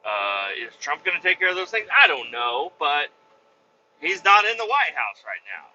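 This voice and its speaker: A man's voice: fairly high pitch, very animated, normal speed, pushed and bright, a little hiss or hum. A man hosting a comedy podcast, rambling through a crude, profane monologue. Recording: slightly muffled lo-fi recording.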